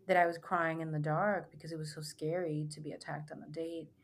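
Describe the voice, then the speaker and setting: Woman, young adult, retreat guide, earnest rambling storyteller, lowish voice, faint background hiss. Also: steady tone, brisk, hardly any pauses. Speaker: spiritual retreat guide, guest. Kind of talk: casual podcast conversation.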